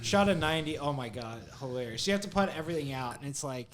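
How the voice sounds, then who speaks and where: A young man co-hosting a podcast, telling long stories in animated, profane casual chat packed with "like". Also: a little high, fast talker, a crowd in the background. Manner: animated, profane storytelling full of "like". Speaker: podcast co-host.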